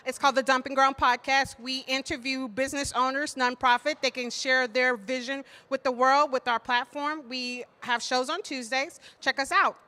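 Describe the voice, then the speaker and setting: Bright, bubbly woman interviewer. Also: high-pitched, fairly even intonation. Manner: bubbly, thankful, quick asides with laughs. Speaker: podcast host and interviewer. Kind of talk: stage interview introduction. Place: conference stage.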